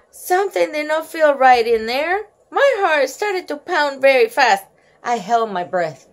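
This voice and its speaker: A woman's voice: high-pitched, big pitch swings, unhurried. A woman reading a children's book aloud at home, giggling often and breaking off to chat. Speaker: storyteller.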